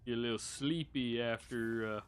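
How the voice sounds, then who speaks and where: A man's voice: medium pitch, steady tone, moderate pace, clean tone. A man live-streaming a video game, chatting casually, swearing freely and laughing as he tells rambling stories. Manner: profane, rambling, laughs while telling stories.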